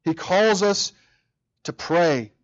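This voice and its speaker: A man's voice: high-pitched, animated, slow, highs cut off. A man preaching a sermon as pastor, earnest, often repeating words and acting out quoted prayers.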